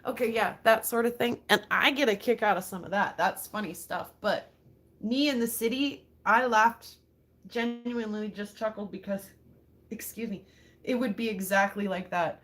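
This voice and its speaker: A woman's voice: mid-range voice, normal speed, a bit bright. A woman from Montana hosting a casual chat with her viewers, laughing a lot and saying "like" and "seriously" often. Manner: chatty, says "like" and "seriously" a lot. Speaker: rockhound channel host.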